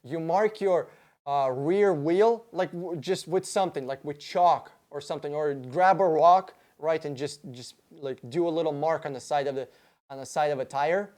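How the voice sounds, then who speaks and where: A man hosting a casual livestream Q&A, reading out viewer questions and answering them in a profane, excitable, rambling way. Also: fairly high pitch, moderate pace.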